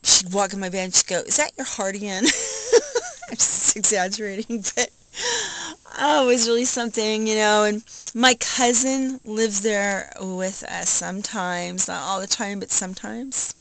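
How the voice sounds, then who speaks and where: An older woman talking casually in a rambling, nostalgic way, laughing softly now and then. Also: medium pitch, expressive, a little slow, a little hiss or hum, rough recording. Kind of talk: casual home video vlog.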